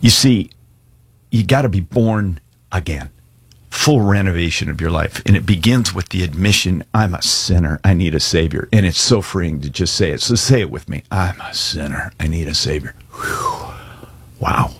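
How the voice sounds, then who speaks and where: A man's voice: sits low, normal speed, creaky, breathy edge, no echo. A male pastor giving an earnest, conversational sermon and altar call, with casual slang.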